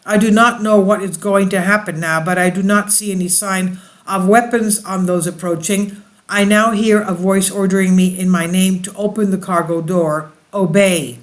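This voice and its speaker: A man's voice: sits high, fairly even intonation, moderate pace. A man reading a diary aloud with slips and restarts, stopping often to explain it to his listeners. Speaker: channel host reading and commenting.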